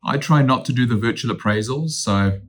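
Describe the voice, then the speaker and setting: A man's voice: medium pitch, moderate pace. Upbeat man teaching sales calls. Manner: upbeat, energetic, acts out phone calls. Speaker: real estate agent and sales trainer. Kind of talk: instructional talk.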